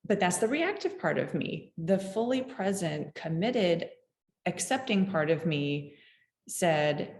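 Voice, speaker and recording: A woman's voice: fairly low pitch, big pitch swings, slow pace, darkish tone. A woman hosting a parenting show, sharing a personal story in a candid, musing way and often chuckling at herself. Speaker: parenting podcast host. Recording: roomy echo.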